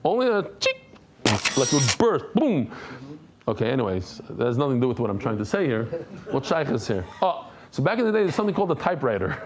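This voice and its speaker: A middle-aged man, a rabbi, teaching a daily Talmud class in an animated, conversational way, mixing Hebrew and Aramaic terms into his English. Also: medium pitch, fast talker, crowd noise. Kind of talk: lively Talmud lesson.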